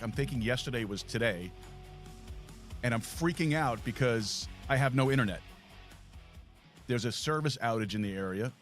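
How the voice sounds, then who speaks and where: A medium-pitched man hosts a live talk show from a small studio. He tells a rambling, self-deprecating story, restarting often.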